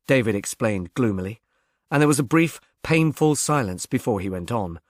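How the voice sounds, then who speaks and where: This male audiobook reader delivers scripted narration of a novel in a steady, measured storytelling style. His voice is mid-range, and the studio-quality recording is dry.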